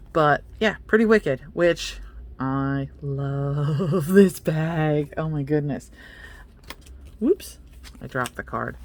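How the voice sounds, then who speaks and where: A young adult vlogger unboxing beauty products in a loose, chatty way. The voice sits at a middling pitch, and the talk is playful and self-mocking. Now and then they address the items directly. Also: a bit bright. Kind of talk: casual unboxing chat.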